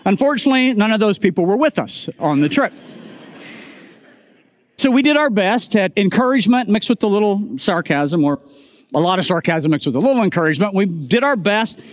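A middle-aged male pastor preaches a sermon in a storytelling manner, moving from humor to earnest appeals. His voice sits high and swings widely. The sound is dry and close. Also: animated, brisk, no room sound.

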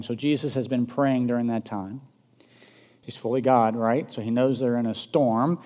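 A man preaching a sermon, swinging from loud emphatic peaks down to soft low asides and asking the congregation rhetorical questions. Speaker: pastor. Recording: long reverb of a large hall.

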